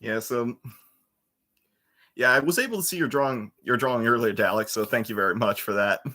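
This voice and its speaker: A man's voice: mid-range voice, fairly quick, sharp tone. A man in his twenties hosting a livestream, chatting casually and rambling, with lots of restarts into a computer mic. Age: 20s. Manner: rambling, with restarts and trailing fillers. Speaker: livestream host. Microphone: computer webcam mic.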